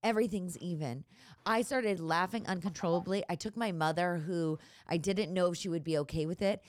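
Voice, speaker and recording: A woman hosting a podcast, chatty and animated as she tells a story. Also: on the low side, fairly quick, no room sound. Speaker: podcast host. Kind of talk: casual chat.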